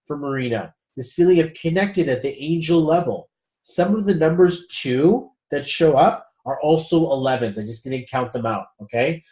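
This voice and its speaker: Man, spiritual group coach, casual chatty talk, swears, higher-pitched voice. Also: a little mellow. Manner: loose and chatty, swears, keeps addressing the group as guys.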